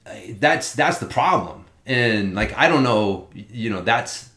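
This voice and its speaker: A man in casual podcast chat, talking in an animated, rambling way and swearing often. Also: mid-range voice, a little slow. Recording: roomy echo.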